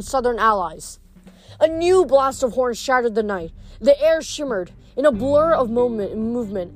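A woman reading a novel aloud in a casual manner, stumbling and restarting words now and then. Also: fairly high pitch. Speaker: reader.

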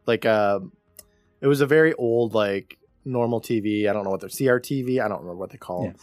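A man's voice: fairly low pitch, fairly quick, darkish tone, no echo, soft background music. A man co-hosting a podcast, casually recapping a TV episode and acting out the characters' lines in exaggerated voices. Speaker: podcast co-host.

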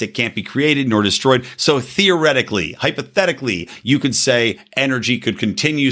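A man's voice: mid-range voice, fairly bright tone. A man from the United States hosting his own show, delivering a blunt, profane, sarcastic opinion rant. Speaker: podcast host.

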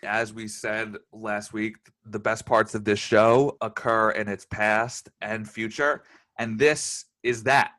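A man's voice: lowish voice, flat delivery, takes it slowly, a bit bright. A man co-hosting a casual review podcast, easygoing and enthusiastic. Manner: easygoing, enthusiastic, laughs often. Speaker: podcast co-host reviewing a TV episode. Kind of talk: casual chat.

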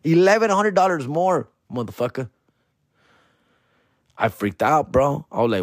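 A man hosting a comedy podcast and telling a profane, slangy story, dropping in Spanish slang and jumping high in pitch when he quotes himself. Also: very animated, measured pace, long pauses, dry recording, studio quality. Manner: jumps high in pitch for his own quoted outbursts. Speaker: podcast host.

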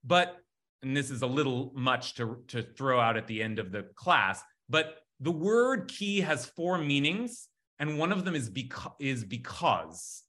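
A man teaching a lively text study class, talking excitedly with frequent restarts. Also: mid-range voice, a little slow.

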